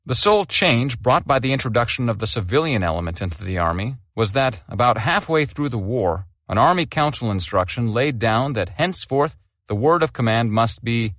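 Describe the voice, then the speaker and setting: A man narrating a memoir audiobook with expressive storytelling. His pitch moves a great deal through each sentence. The sound is close and dry, with no room around it. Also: moderate pace, few pauses, no echo. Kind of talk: scripted memoir reading.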